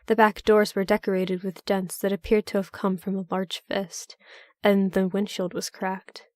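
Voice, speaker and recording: A woman narrating a horror story in a measured, even storytelling manner. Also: medium pitch, no echo, clean studio sound.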